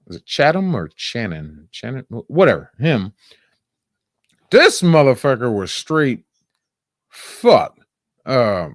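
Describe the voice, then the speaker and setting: Animated laughing man reviewing movies. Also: mid-range voice, dry recording, studio quality. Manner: animated, laughing, profane, with lots of quoted voices. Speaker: podcast host. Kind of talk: casual movie review chat.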